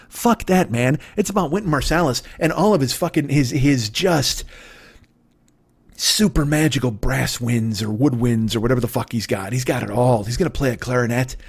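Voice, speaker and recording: A man in his forties, a podcast host, delivering a rambling, profane comedic monologue that jumps from tangent to tangent. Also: fairly high pitch. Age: 40s.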